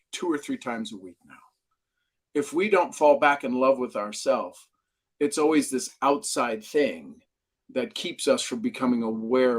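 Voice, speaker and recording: A man as a podcast guest, a brain trainer, explaining ideas and telling stories with lively acted-out quotes. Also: medium pitch. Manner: animated storyteller, acts out quotes. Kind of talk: podcast interview.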